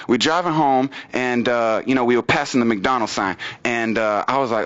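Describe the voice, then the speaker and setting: A man's voice: moderate pace, hardly any pauses, fairly bright tone, muffled recording. Man doing loose, rambling stand-up. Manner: loose, rambling delivery with many fillers and repeats; swings his pitch widely for impressions. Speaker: stand-up comedian. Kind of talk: open mic stand-up comedy. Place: small studio stage with audience.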